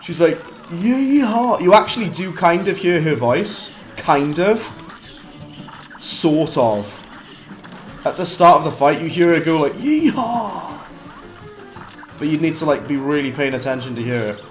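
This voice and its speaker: A British man giving chatty live commentary while streaming a game, mocking himself and breaking into quick bursts of frustration. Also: fairly high pitch, faint music behind.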